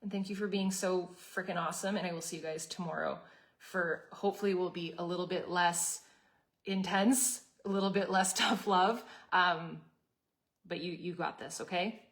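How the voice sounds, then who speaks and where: A woman's voice: lowish voice, steady tone, normal speed. A woman in her thirties hosting a live community session, giving a casual motivational talk with candid chat and many restarts.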